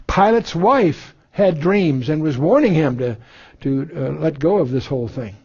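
A man's voice: fairly high pitch, expressive, measured pace, darkish tone, husky, lo-fi sound. A man giving a verse-by-verse Bible lesson, reading scripture aloud and then explaining it, with many fillers and restarts. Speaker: Bible teacher.

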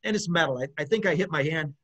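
A man's voice: fairly high pitch, quick pace, a bit bright, dull audio. A middle-aged man, a guest musician, talking loosely in an interview with lots of restarts. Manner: rambling, with many restarts and laughs. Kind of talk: casual interview chat.

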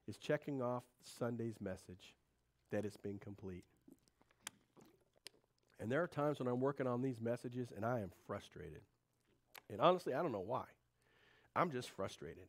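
A male pastor giving a conversational sermon to a congregation, swinging between loud, animated stretches and quiet, confiding ones. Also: mid-range voice.

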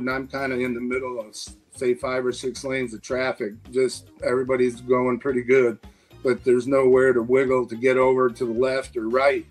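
A former wrestler in his sixties, appearing as a guest, tells casual stories that ramble along with plenty of fillers. His voice sits in the mid range, and the recording quality is poor.

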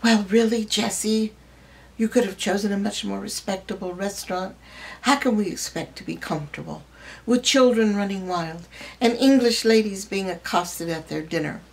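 A prim, stout old lady , put on by a woman, scolds in a pompous, disapproving tone. She speaks in a low, hushed voice, in a storybook reading. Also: moderate pace, gravelly, natural voice, poor audio. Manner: pompous, scolding under her breath.

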